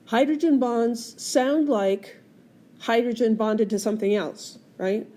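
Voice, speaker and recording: Taking her time, a woman with a slightly high, warm voice teaches chemistry through a screencast captured on a tablet. Her explanations proceed one step at a time, with questions directed at the class.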